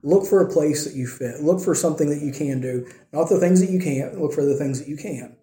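Male pastor, fairly high mellow voice, easygoing sermon delivery, roomy echo. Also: fairly quick. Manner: conversational preaching, checks in with "right?" and "okay?".

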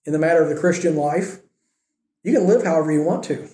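A man's voice: fairly high pitch, quick pace, mellow, roomy sound. A man preaching a sermon as pastor, acting out the words of quoted speakers in his own voice.

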